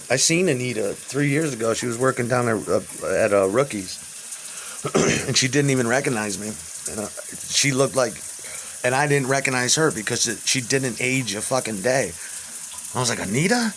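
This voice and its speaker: A man in his fifties telling rambling personal stories, profane and halting, with restarts. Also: medium pitch, fairly bright tone, a little hiss or hum. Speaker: interviewee.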